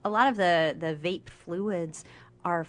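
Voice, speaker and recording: A woman, a family doctor, guest on a radio interview, explaining health facts clearly and with enthusiasm. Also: lowish voice, slow pace. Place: radio studio.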